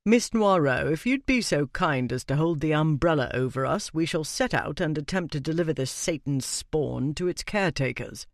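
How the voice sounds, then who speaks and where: A man voicing a cool, irritable Regency gentleman who speaks in a dry, clipped, disdainful way. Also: fairly high pitch, animated, normal speed, vocal fry, hardly any pauses, no room sound. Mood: irritated.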